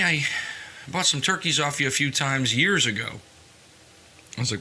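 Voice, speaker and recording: A man's voice: mid-range voice, brisk, long pauses, sharp tone, slight background noise. A young adult man, a farmer hosting his own podcast, telling stories in a chatty way with jokey asides. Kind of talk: casual podcast monologue.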